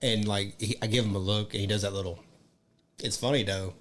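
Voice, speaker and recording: A young man with a somewhat low voice swaps stories on a casual podcast. He is relaxed and swears freely as he talks. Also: quick pace. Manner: profane, laid-back storyteller. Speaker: podcast co-host. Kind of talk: casual chat.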